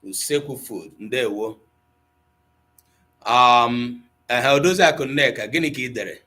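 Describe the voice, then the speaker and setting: A man with an Igbo accent runs a live online class, switching between English and Igbo as he reads out viewer comments. His manner is playful, with frequent chuckles and gentle teasing of his students. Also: mid-range voice, a little slow. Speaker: Igbo language teacher.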